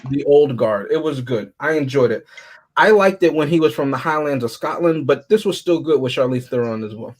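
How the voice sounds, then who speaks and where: A man co-hosting a casual group chat about movies, joking and animated. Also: a little high, brisk. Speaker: podcast co-host.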